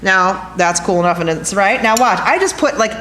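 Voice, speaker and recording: Woman, craft instructor, chatty and excitable, everyday mid voice, faint studio hiss. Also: mid-range voice, normal speed. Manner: chatty, excitable, talks to viewers as guys. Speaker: glass art instructor. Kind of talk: hands-on craft demonstration. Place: glass studio workshop.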